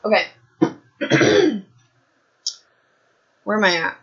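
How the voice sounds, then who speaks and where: A woman in her thirties with a raspy throat, hosting a podcast from her home and chatting in a rambling way, saying "like" a lot. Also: medium pitch, very animated, extremely slow, fairly bright tone. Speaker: podcast host. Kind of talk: casual chat about a book. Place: home room. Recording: dull lo-fi home recording.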